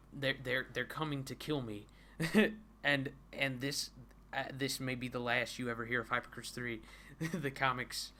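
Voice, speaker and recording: A male streamer reading a comic aloud live, in a bright, ringing mid-range voice. He stammers and repeats words as he goes and breaks into giggles often. He leans into mock-dramatic dread for comic effect. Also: medium pitch, slight background noise. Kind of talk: casual live-stream commentary.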